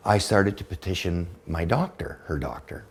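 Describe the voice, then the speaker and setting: A man in his fifties, a podcast guest, telling a personal story in a blunt, profane, animated way. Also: low-pitched, moderate pace, husky. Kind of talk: storytelling in casual conversation.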